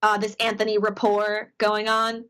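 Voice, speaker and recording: A woman from Minnesota, a podcast cohost on a video call, telling a lively story full of quoted dialogue and fillers. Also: medium pitch, moderate pace, clear, resonant tone. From Minnesota, USA. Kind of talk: casual chat.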